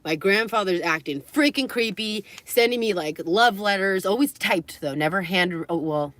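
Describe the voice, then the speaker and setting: A woman's voice: medium pitch, moderate pace, a bit bright. A young adult woman livestreaming, telling a personal story in a candid, rambling way, swearing and laughing between phrases.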